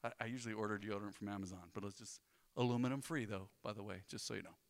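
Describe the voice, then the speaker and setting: A man, a pastor preaching a sermon in a conversational, joking way with animated storytelling. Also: lowish voice, rapid-fire, big-room sound.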